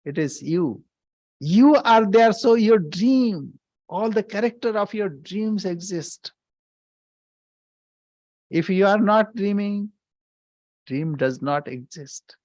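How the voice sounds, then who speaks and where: A man, a swami, giving a scripture class, speaking deliberately, repeating key phrases for emphasis and chanting verses. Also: high-pitched, lively intonation, darkish tone, dry recording.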